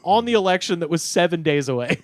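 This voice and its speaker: A young man with a fairly high voice hosts a comedy podcast, reading out a strange local news story and laughing as he goes. The sound is close and dry. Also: expressive, quick pace, no room sound. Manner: reads out story details, laughs often. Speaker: podcast host.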